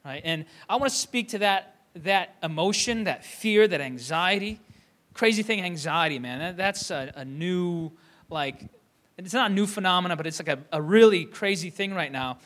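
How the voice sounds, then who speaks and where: Young man, sermon, bright tone, slightly high pitch, casual with fillers. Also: animated, normal speed. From Michigan. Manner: conversational, many fillers and restarts. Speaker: pastor.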